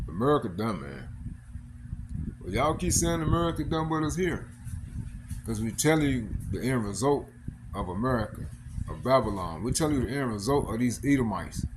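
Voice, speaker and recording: Guy teaching scripture off the cuff, rambly, lots of uh's and "all right?", bit of hiss behind. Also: medium pitch. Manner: loose and rambling, many fillers, calls out "man" and "all right?".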